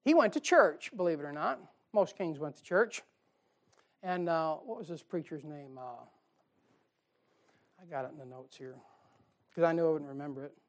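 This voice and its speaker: A middle-aged man preaches to his congregation in a homespun, joking manner. His voice climbs into loud, emphatic bursts, then drops low for quiet asides. He sounds like a pastor at the pulpit of his church. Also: moderate pace, long pauses. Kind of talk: sermon. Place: church sanctuary.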